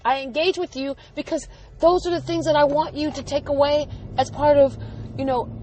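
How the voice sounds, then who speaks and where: A woman's voice: sits high, fairly even intonation, moderate pace, darkish tone, soft background music, rough recording. A woman podcast host telling a personal story about her son in an earnest, emphatic way.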